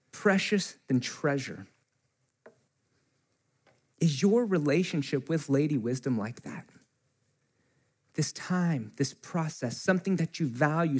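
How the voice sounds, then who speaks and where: A male pastor preaches in a church, speaking into a close microphone. His voice sits a bit higher than most men's. He tells stories in a relaxed, conversational way and acts out the people he quotes. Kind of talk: sermon with personal storytelling. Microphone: mic close to the face.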